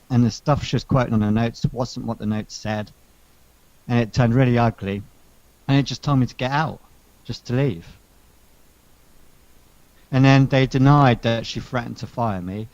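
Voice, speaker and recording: A man telling a long workplace story in casual chat, animated and sarcastic, swearing now and then. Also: mid-range voice, a little slow, no echo. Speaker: podcast co-host telling a story. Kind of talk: casual chat, venting anecdote. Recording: dull lo-fi sound.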